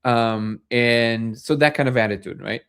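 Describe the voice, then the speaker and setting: A man's voice: mid-range voice, measured pace, fairly bright tone, clean tone. A man hosting a live discussion show, telling stories in a rambling way with many fillers and restarts. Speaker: host.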